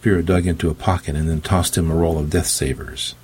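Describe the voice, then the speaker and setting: Low, husky male audiobook narrator. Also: level tone, brisk, darkish tone. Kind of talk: first-person audiobook narration.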